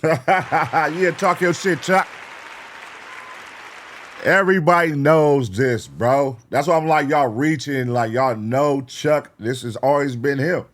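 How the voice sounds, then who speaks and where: A man's voice: a little high, slow, some chatter behind, a little hiss or hum. A man hosting a reaction video, talking casually in slang, repeating points and asking viewers what they think. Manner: animated, slangy, repeats himself, asks the viewers.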